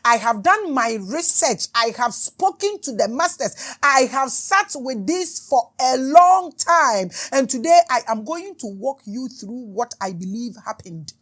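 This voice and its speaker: A woman's voice: a little high, sing-song, unhurried, hardly any pauses, fairly bright tone. A middle-aged Ghanaian woman hosting a spiritual talk show, speaking in an impassioned, repetitive, declaiming way. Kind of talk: spiritual talk mixing English and Twi.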